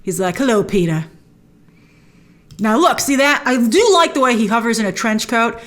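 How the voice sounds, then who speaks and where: A woman hosting a trailer breakdown, chatty and opinionated, with excited asides. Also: a little high, brisk. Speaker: host.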